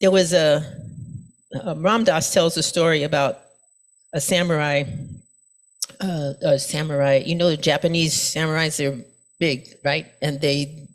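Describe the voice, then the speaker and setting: A woman's voice: deep voice, fairly even intonation, unhurried, long pauses. A middle-aged woman pastor giving a sermon in a conversational storytelling way, full of asides and fillers.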